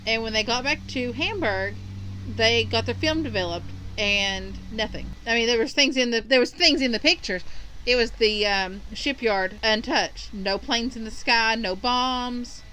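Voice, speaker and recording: A woman from Kentucky retells a story on a podcast, wandering through it with plenty of ums. Her voice is bright and forward, with a faint hiss of noise behind it. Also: fairly high pitch, a little slow, poor audio. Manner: rambling storytelling with many ums. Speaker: podcast co-host. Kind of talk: casual storytelling chat.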